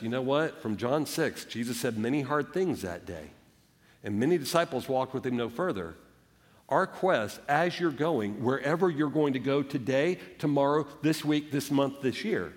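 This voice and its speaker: A man's voice: mid-range voice, long reverb tail. A man preaching a sermon as pastor, earnest, sometimes acting out the voices of doubters and of Jesus. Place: church sanctuary.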